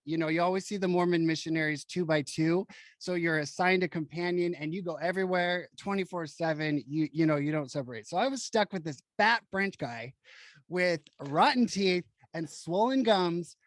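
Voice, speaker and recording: High-voiced animated male host. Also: dry recording. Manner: animated, emphatic, frank storytelling. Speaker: podcast host. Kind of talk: casual storytelling chat.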